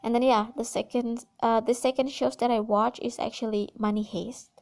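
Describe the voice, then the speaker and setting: A woman's voice: on the high side, fairly even intonation, normal speed, gravelly, darkish tone. A woman with an American accent, hosting a solo podcast in a gushing, chatty way full of fillers and restarts. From Indonesia. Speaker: podcast host. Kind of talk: casual solo podcast chat.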